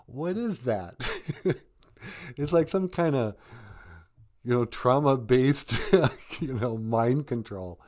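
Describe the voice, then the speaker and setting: A man in his fifties, co-hosting a live stream, telling a story in a rambling, animated way and laughing often. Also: mid-range voice, takes it slowly. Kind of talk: casual chat, storytelling.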